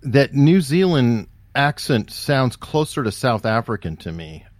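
A man's voice: medium pitch, very animated, unhurried, no echo. A man from the United States hosting a podcast, asking curious, amused questions in a casual interview. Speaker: podcast host.

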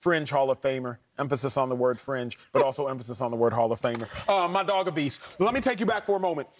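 A man hosting a sports debate show, talking in an energetic, emphatic way and steering the conversation. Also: mid-range voice, fast. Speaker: sports talk show host.

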